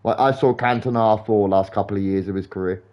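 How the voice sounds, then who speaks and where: A young man streaming a game live, rambling in sweary, animated football banter. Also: on the low side, fast talker, lo-fi sound. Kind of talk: casual chat while gaming live.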